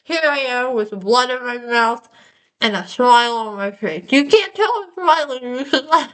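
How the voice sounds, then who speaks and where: Young woman, numb mouth after surgery, rambling self-mocking vlog, fairly high voice. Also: animated, normal speed, a bit bright, poor audio. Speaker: vlogger. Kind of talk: casual vlog monologue.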